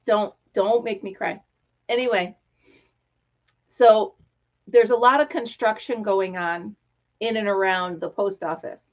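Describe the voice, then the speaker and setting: A middle-aged woman hosting a casual live stream, talking excitedly and telling stories with quoted voices. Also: medium pitch, measured pace, pauses often. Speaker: livestream host. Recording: dull lo-fi live-stream audio.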